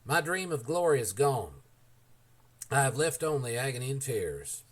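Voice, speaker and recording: Guy reading a worn out serious old president, earnest, slow and careful, audiobook. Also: medium pitch, very animated. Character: weary, grave aging male president.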